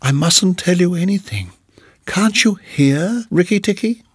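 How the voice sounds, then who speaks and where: A man's voice: high voice, lively intonation, unhurried, husky, dry recording, clean studio sound, pitched above the performer's own voice, heavily acted. A man voicing a timid, broken-hearted male muskrat who whimpers and pleads tearfully.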